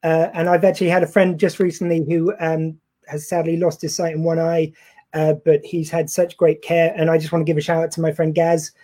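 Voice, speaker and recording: A woman's voice: sits low, level tone, fairly quick, warm tone. A woman hosting a casual interview, chatty and friendly. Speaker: podcast host.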